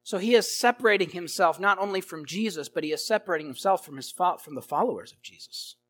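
A man's voice: high voice, expressive, quick pace, a bit bright. A man preaching an expository sermon, emphatic, swelling and dropping in volume and repeating his phrases.

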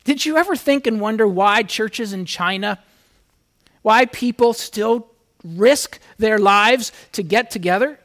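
High-pitched guy preaching, earnest and chatty, reads bible verses with building punch. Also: measured pace, a bit bright. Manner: earnest, speaks straight to the congregation, reads scripture aloud with rising emphasis. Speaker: pastor. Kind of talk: conversational sermon with scripture reading.

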